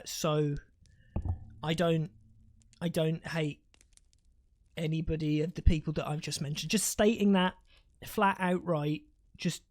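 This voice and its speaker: A woman casting a live strategy game match in a loose, rambling way, swearing freely and laughing at her own jokes. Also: sits low. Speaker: esports caster. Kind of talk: casual live game commentary.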